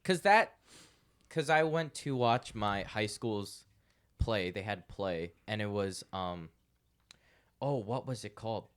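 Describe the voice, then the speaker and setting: A man's voice: lowish voice, lively intonation, slow pace, long pauses, clean tone. A young man chatting casually as a podcast guest, giggly and easygoing. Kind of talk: casual chat.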